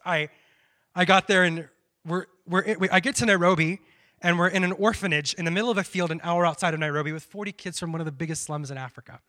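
A man's voice: on the high side, sharp tone. A young man giving a personal testimony as a missionary, telling his story with quoted self-talk and many restarts. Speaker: missionary speaker.

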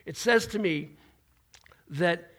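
A man's voice: high voice, slow, fairly bright tone. A man preaching a sermon as pastor, in an informal way with restarts and folksy asides. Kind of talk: conversational sermon.

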